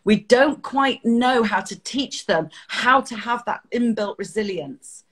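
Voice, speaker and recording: Breathy-voiced earnest British woman. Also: on the high side, unhurried. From Britain. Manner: earnest, expressive, acts out quotes. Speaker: guest, children's author. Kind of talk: casual interview chat.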